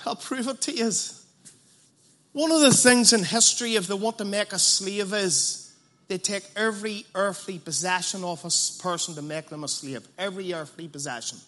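A man preaching an evangelistic sermon, passionate and blunt, dropping to a hush and then rising loud, with colloquial asides. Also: sits high, moderate pace. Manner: passionate, swings from hushed to loud.

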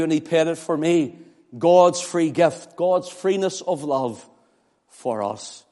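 Impassioned Northern Irish preacher, high voice. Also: male voice, a little mellow, big-room sound. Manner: impassioned, rising to emphatic declarations. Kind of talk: sermon.

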